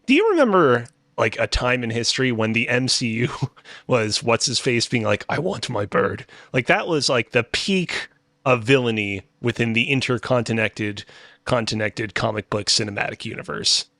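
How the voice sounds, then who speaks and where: A man's voice: medium pitch, animated, moderate pace, pushed and bright, no echo, clean studio sound. A man co-hosting a casual gaming podcast, joking and playful. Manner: joking, playful, laughs while talking. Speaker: podcast co-host.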